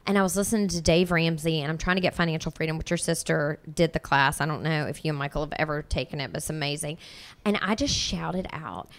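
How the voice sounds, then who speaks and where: A woman's voice: sits low, steady tone, fairly quick. A woman chatting casually as a podcast guest, talking in an earnest, self-reflective, rambling way. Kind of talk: casual chat.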